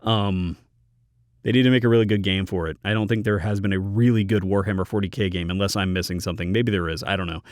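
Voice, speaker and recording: A man's voice: low-pitched, steady tone, fast, a little mellow, no echo. A man hosting his channel's Q&A, reading viewer questions and giving blunt, dry answers from his home recording booth. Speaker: YouTube channel host. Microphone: studio microphone in a recording booth.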